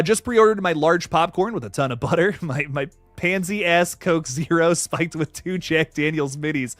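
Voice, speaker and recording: A man's voice: fairly high pitch, a bit bright, no echo. A man hosting a livestream, reading chat comments aloud and rambling casually with lots of laughs. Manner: rambling, laughs a lot, frequent restarts. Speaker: YouTube host reading live chat.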